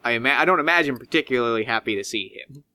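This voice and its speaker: A man narrating a tabletop game as game master, animated and swinging in pitch as he describes scenes. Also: very fast, no room sound.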